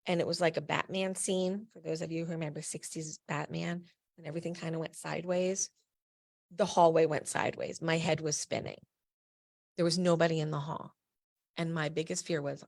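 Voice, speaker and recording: A woman's voice: low-pitched, little pitch movement, a little fast, vocal fry, a little mellow. A middle-aged woman from New Jersey, a patient advocate and founder, tells a personal story in a candid, emphatic way with blunt asides.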